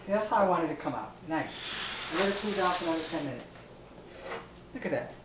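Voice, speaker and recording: A man's voice: on the high side, lively intonation, a little fast, noisy background, close to an everyday voice. Man playing a drag diva cooking host, flamboyant, theatrical, honey and darling, roomy kitchen sound. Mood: gushing. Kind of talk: home cooking show. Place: home kitchen.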